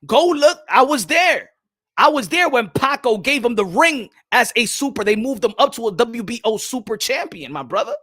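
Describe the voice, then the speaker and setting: A young man hosting a boxing talk stream, animated and swearing freely as he reads the chat. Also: very high voice, moderate pace. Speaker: boxing commentator host.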